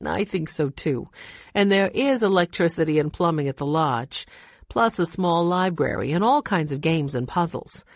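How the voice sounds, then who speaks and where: A cheerful, chatty woman who runs a lodge and likes to keep a little mystery, read by a woman narrator. Her voice sits low and even, and it is recorded very dry and close. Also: normal speed, no echo. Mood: friendly.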